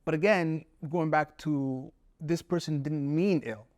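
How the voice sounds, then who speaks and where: A man's voice: on the high side, unhurried, dry recording, clean studio sound. A man, a poet and the guest, telling stories from his life in an earnest, reflective way and voicing other people's words as he goes. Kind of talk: reflective storytelling in conversation.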